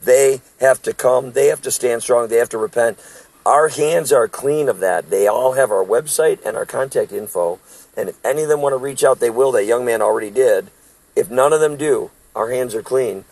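A man's voice: medium pitch, a little fast, creaky, darkish tone, no room sound, low-quality recording. A man in his sixties, a street preacher, telling emphatic stories about preaching in a casual talk. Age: 60s. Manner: emphatic, storytelling.

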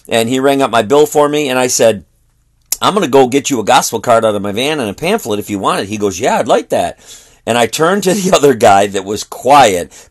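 A middle-aged man, a traveling street preacher, telling a story and quoting both sides of a conversation. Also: medium pitch.

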